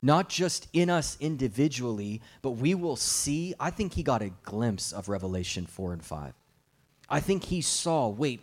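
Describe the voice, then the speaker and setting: A young adult man preaching a guest sermon at a church service, telling stories with light jokes. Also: mid-range voice. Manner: animated storytelling with jokes.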